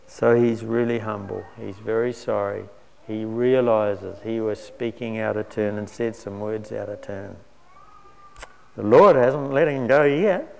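A man preaching a sermon in a measured, earnest way, lifting his voice on key words. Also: mid-range voice, vocal fry, darkish tone. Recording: long hall reverb.

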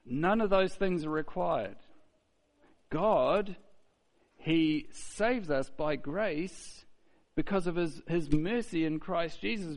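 A man's voice: a little high, a little mellow. Conversational preacher man. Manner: conversational, with rhetorical questions and mock quotes. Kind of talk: sermon.

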